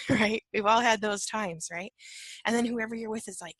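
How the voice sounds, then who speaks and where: This empath teacher's informal lesson comes across as conversation: she often asks "right?", stages little dialogues, and sometimes slips into a soft whisper. Her voice is medium-pitched at a moderate pace, recorded dry.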